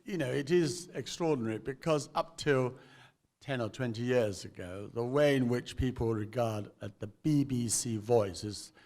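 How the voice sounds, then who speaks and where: A man hosting a stage interview, halting often with ums and restarts as he poses questions. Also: medium pitch, a little mellow. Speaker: interviewer, event host.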